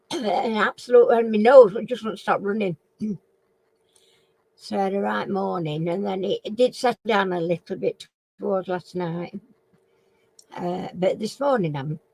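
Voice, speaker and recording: A Northern English woman hosting a casual live-stream chat. She rambles along and keeps clearing a frog in her throat. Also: mid-range voice, a little mellow, dry recording, poor audio. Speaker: live chat and quiz host.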